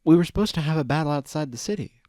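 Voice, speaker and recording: A man's voice: on the high side, animated, very fast, warm tone, dry recording, studio quality, pitched above the performer's own voice, lightly acted. Man voicing a jittery young dragon. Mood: anxious.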